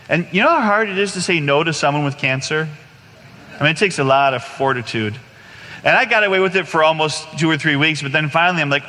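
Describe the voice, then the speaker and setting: A man in his forties giving an animated personal testimony to a congregation, acting out scenes as he tells them. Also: fairly high pitch, fairly quick, long reverb tail. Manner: animated storyteller, acts out scenes.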